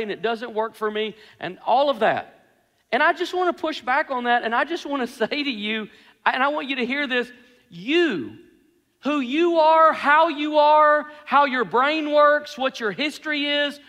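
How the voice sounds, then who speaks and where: A male pastor delivers his sermon with earnest emphasis, circling back to the same phrases to drive them home. His voice sits very high and sounds bright and forceful. It rings with the long reverb of a large hall.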